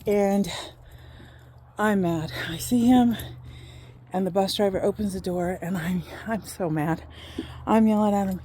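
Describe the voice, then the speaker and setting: A woman in her fifties casually telling a personal story, animated and acting out what people said. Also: medium pitch, moderate pace, pauses often. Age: 50s.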